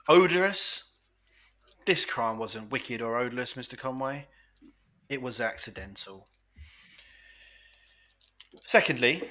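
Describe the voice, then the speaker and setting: A man's voice: a little high, pushed and bright. A man co-hosting a podcast, arguing his own defence in a mock court with a pompous lawyerly manner.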